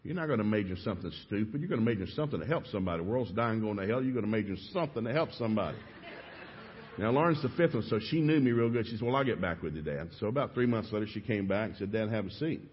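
A middle-aged man from East Tennessee with a Southern accent, telling stories fast and with animation in a sermon. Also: on the low side, slightly rough. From East Tennessee, USA. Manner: fast-talking, animated storyteller. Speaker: preacher. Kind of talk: storytelling sermon. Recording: dull echoey church recording.

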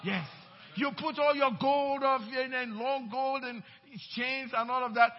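A man's voice: very high voice, steady tone, unhurried. A man preaching a sermon as pastor in a church, emphatic and repeating his phrases. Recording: dull, echoey church hall.

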